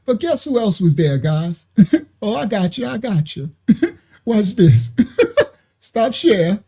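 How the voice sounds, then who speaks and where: Reaction streamer, lively delivery with a soft husky tone, mocking and laughing between half-finished sentences. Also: mid-range voice, takes it slowly. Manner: mocking, laughs often, trails off and restarts. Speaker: commentator. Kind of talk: livestream reaction commentary.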